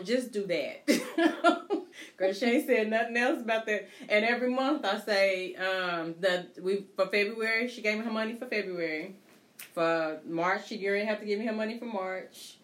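A woman's voice: mid-range voice, fairly bright tone. A woman, mother of a teenager, telling stories in a casual chat among friends, emphatic and saying girl and baby.

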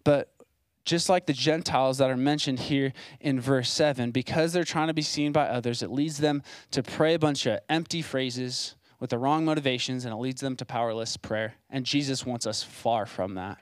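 A man's voice: medium pitch, moderate pace, smooth, no echo. A young man preaching a sermon as a site pastor, in a casual, conversational way with plain asides.

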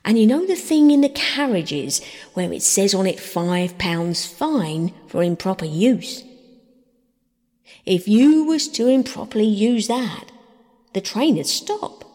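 A woman's voice: mid-range voice, sing-song, takes it slowly, darkish tone, big-room sound. A woman voicing a good-natured working man, a railway porter, who talks in a folksy, rustic way in a storybook reading. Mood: gossipy.

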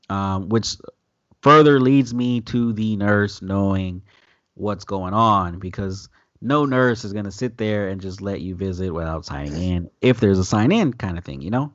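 A podcast host with a low, slightly slow voice recaps a TV episode in loose, profane casual chat, animatedly retelling scenes and quoting characters' voices. The recording is lo-fi with no room sound.

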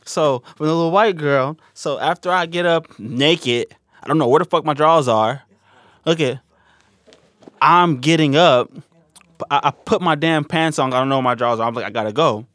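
A man's voice: a little high, moderate pace, fairly bright tone, no echo. A man in his twenties telling crude stories in casual banter, brash and profane. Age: 20s.

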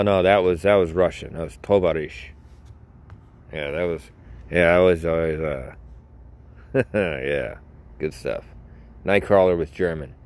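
A man's voice: low voice, vocal fry. A young man hosting a podcast alone, rambling and joking at himself in casual chat. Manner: rambling, jokey, self-mocking. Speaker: podcast host. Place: outdoors.

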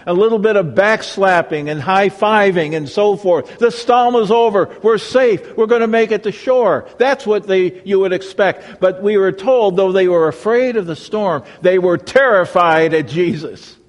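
A male pastor with a high voice preaches a sermon dramatically, swinging from raised emphasis to hushed, reverent tones. A long reverb tail trails his words.

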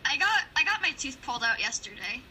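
Casting: high, very bright woman, giggly rambling podcast host on a video call. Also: very animated, quick pace, slight background noise, low-quality recording. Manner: giggly, rambling, restarts a lot. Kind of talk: casual group chat.

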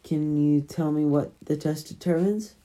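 A woman's voice: sits low, unhurried, mellow. A woman voicing an anxious teenage girl telepath in a storybook, asking startled, pleading questions. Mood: hopeful.

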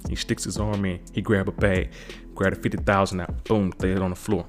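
A man's voice: low voice, steady tone, fairly quick, faint music behind. A man recapping a TV episode in a casual, rambling way, repeating himself and saying kinda a lot.

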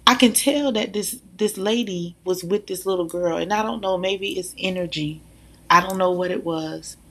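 Mom vlogger: husky, gravelly woman, emphatic, talks right at the audience. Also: lowish voice, moderate pace. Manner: animated, emphatic, addresses listeners directly. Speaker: mother sharing views. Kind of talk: casual monologue to viewers.

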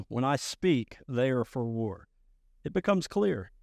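A man preaching a sermon as pastor, emphatic and rising to loud bursts. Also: mid-range voice, big pitch swings, slow pace, vocal fry, dry recording, studio quality.

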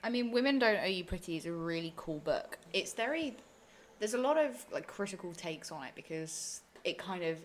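A young woman from Essex, co-hosting a casual podcast chat, playful and quick to ask questions. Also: fairly low pitch, lively intonation, slight background noise. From Essex, England. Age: young adult. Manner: playful, asks questions, laughs easily. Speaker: podcast co-host, university student.

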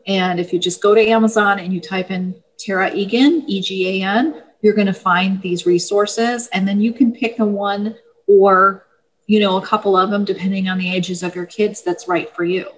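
A woman, an author of parenting books, explaining her books and advice in a steady, easygoing interview manner with small fillers. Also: medium pitch, normal speed, low-quality recording. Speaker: parenting book author, guest. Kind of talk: casual interview talk.

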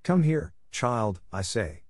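A man's voice: medium pitch, sing-song, takes it slowly, darkish tone, no room sound, clean studio sound. A man reading the lines of a blunt, outspoken older village woman in an audiobook. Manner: outspoken, disapproving.

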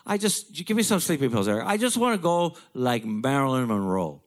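A man's voice: medium pitch, big pitch swings, fairly quick, pitched above the performer's own voice, close to an everyday voice. A man voicing his frail elderly father, weary and pleading, with a whiny voice that repeats itself. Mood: wheedling.

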